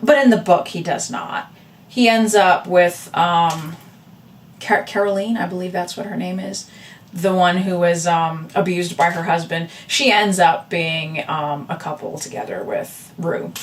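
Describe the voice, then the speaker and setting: A woman's voice: on the low side, measured pace, far from the mic, slight background noise. A woman vlogger and artist talking casually to camera, rambling with lots of fillers and asides. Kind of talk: casual chatty vlog. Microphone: camera with a separate audio backup.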